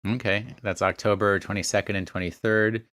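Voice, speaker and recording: Man, low voice, dry close sound, casual podcast host, reads out lists with chatty asides. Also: steady tone, a little fast, a bit bright, no room sound. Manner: reads out a list of places and dates, chatty with small asides.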